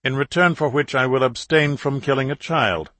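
A man voicing a cold, controlled male terrorist leader who speaks in an even, commanding way, in an audiobook. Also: mid-range voice, normal speed, dry recording, natural voice. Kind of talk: audiobook character voice.

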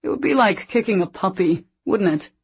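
A woman reading a big, mocking lumberjack in an audiobook, speaking slowly and slyly. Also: medium pitch, lively intonation, husky.

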